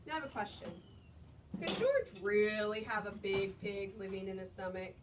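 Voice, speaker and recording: A woman librarian reading a picture book aloud to young children at storytime, in an animated sing-song manner, asking them questions as she goes. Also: mid-range voice, normal speed. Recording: distant mic, noisy room. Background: children answering.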